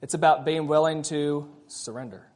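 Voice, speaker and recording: A man's voice: a little high, fairly even intonation, moderate pace, darkish tone. A man preaching a sermon, conversational, with frequent rhetorical questions to the congregation. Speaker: pastor.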